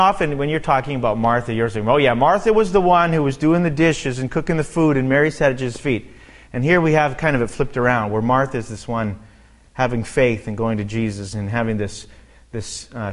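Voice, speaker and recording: Conversational man teaching scripture. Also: medium pitch. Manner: conversational, thinking aloud with fillers and asides. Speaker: preacher. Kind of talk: verse-by-verse Bible teaching.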